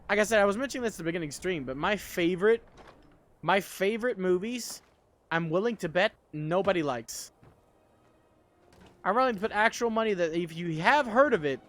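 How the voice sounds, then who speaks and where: A sleepy man chats casually while livestreaming a game, rambling on and swearing freely. He's a gaming streamer with a high voice that's a bit bright.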